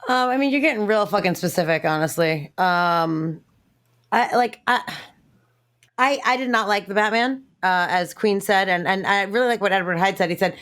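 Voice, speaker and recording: A woman's voice: medium pitch, normal speed, a bit bright. A woman, a guest on a casual panel podcast, ranting profanely with lots of fillers and restarts.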